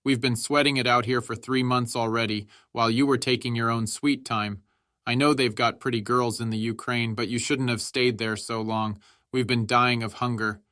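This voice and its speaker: Brief: narrator doing a worn-out veteran soldier, sardonic and chatty, bright, dry close read. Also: male voice, medium pitch, flat delivery, normal speed, dry recording, close to an everyday voice. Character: weary, mocking veteran male soldier.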